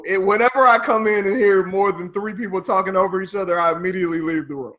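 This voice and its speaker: A man hosting a podcast interview, laid-back, chiming in with quick agreement and frequent laughs. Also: sits high, fairly bright tone. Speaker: podcast host. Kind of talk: casual interview chat.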